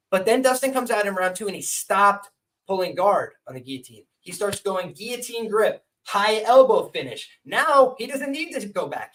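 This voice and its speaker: High-pitched guy hosting a live podcast, kinda far from the mic, really emphatic, argues his case hard. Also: a bit bright. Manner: emphatic, argumentative, acts out fighters' thoughts. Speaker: MMA betting analyst, podcast host. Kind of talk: live-stream podcast breakdown.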